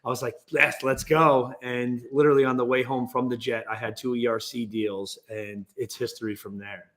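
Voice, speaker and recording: A man guest speaks in a casual interview at an ordinary mid pitch. He tells his stories in an animated, restless way and keeps pushing ahead. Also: brisk. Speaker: guest business owner.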